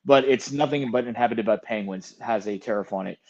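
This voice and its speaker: Brief: wry, swearing male co-host, mid-pitched, muffled lo-fi line. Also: brisk. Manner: wry, profane, drops to mutters. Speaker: podcast co-host. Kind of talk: casual chat.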